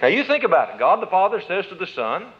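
A man's voice: high voice, very animated, fast. A man preaching a sermon, telling a personal story in a folksy, conversational way and acting out both sides of the dialogue. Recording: dull lo-fi recording.

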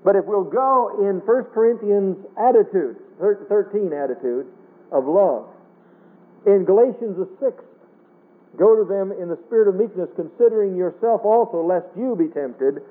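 High-voiced preacher on tinny radio. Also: male voice, expressive, moderate pace. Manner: earnest, pleading, quotes scripture in King James wording. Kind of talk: sermon. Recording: tinny phone-like radio broadcast.

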